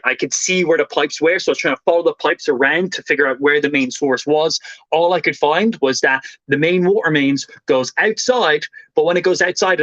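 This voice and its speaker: A young Irish man streaming live, telling a story in a fast, animated way and swearing casually. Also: on the high side, dry recording, muffled recording.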